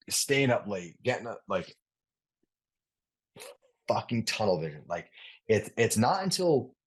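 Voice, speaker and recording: Low husky-voiced man telling stories. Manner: rambling, relaxed, casual swearing, many restarts. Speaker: interview guest, retired athlete. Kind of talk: casual storytelling.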